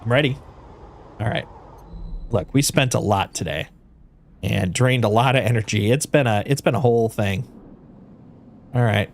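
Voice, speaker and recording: A man's voice: medium pitch, moderate pace, vocal fry, long pauses. A man streaming a game, chatting animatedly to viewers, swearing and reading the story aloud. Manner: animated, swearing, talks to chat. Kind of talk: gameplay commentary and reading aloud.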